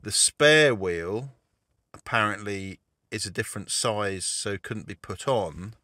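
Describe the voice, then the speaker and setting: A man's voice: on the low side, slow, bright, forceful tone, dry recording, clean studio sound. A man narrating a campervan travel vlog in a casual, wry, understated way. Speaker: vlogger. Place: campervan trip outdoors.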